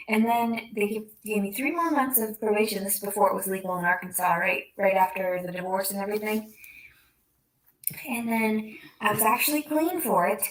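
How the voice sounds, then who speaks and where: Woman vlogger, late-night diary at home; rambling, swears a lot, rants loud then drops to a mutter. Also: mid-range voice, moderate pace, low-quality recording.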